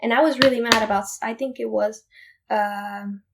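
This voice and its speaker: A young woman from Puerto Rico, a podcast guest, retelling a family story in an animated, emphatic way with many restarts. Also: a little high, normal speed, vocal fry, heavy background noise. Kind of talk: casual storytelling.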